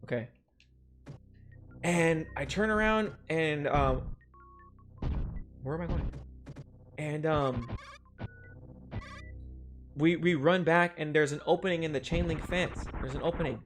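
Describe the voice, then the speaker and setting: A man's voice: fairly high pitch, slow pace, long pauses. Rambling young man telling stories, music behind. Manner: rambling, swears freely, laughs through stories. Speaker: streamer. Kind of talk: casual storytelling while gaming.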